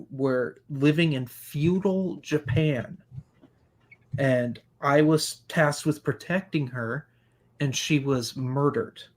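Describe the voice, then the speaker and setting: A man hosting a casual podcast chat, talking in an earnest, reflective way. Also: on the high side. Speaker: podcast host.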